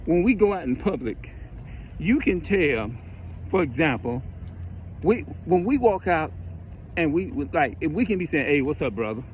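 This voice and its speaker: A man's voice: a little high, big pitch swings, measured pace, pauses often, a little hiss or hum. A man giving a rambling, conversational monologue, acting out greetings between neighbors. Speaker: religious commentator. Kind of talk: casual monologue.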